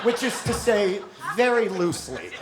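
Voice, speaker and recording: A man doing a stand-up set in a theater, loud and mocking, swearing and acting out voices. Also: high voice, big pitch swings, normal speed. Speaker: stand-up comedian. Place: theater stage before a live audience. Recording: echoey live theater recording with noise.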